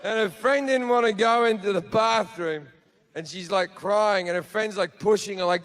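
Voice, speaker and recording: A man's voice: high voice, normal speed, fairly bright tone. A man telling a stand-up comedy story to a laughing audience in a brash, profane, self-mocking way.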